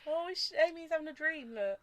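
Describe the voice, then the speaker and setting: A woman's voice: high voice, animated, brisk, a crowd in the background. A woman in her twenties co-hosting a podcast, chatty and teasing, laughing often. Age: 20s. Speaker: podcast co-host. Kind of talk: casual chat.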